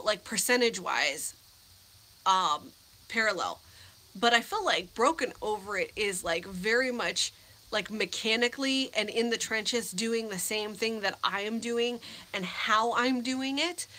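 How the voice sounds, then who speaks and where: A woman's voice: a little high, sharp tone. A woman in her thirties from the United States, chatting in a rambling, teary way on a live stream Q&A. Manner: rambling and emotional, with many restarts and fillers. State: teary, on the edge of crying. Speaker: vlogger hosting a live Q&A. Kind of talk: casual live-stream chat.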